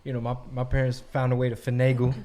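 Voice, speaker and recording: A man hosts a laid-back podcast and reacts eagerly, stacking up quick agreements. He slips Spanish slang into his English. His pitch is middling for a man. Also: completely flat delivery, dark tone. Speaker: podcast host. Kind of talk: casual podcast chat.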